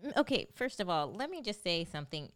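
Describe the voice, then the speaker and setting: A woman's voice: lowish voice, sing-song, fast. A woman co-hosting an online talk show in casual, teasing chat.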